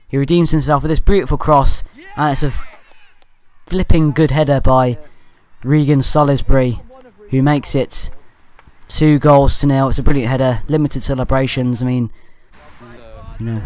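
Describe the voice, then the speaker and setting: A man talks over match footage in a loose, chatty commentary style. He drifts into jokey asides and corrects himself as he goes, at an ordinary mid-range pitch. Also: a little mellow. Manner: rambling and jokey, with off-topic asides and self-corrections. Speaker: fan channel match commentator.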